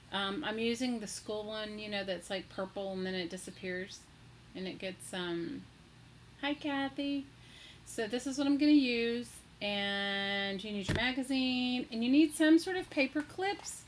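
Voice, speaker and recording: A woman with a voice on the high side hosts a casual live crafting stream, chatting, greeting viewers by name and gushing with delight. The recording is low quality, with a little hiss or hum.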